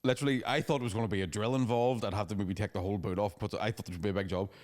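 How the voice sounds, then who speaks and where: Fast-talking sweary man. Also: on the low side, fairly even intonation, a little mellow. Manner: fast, sweary storytelling with laughing asides. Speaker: podcast co-host. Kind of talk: casual chat.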